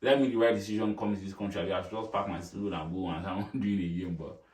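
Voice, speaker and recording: A man's voice: lowish voice, steady tone, fast talker, a little mellow, echoey room, far from the mic. A man from Nigeria, chatting reflectively as co-host of a vlog. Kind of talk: casual chat.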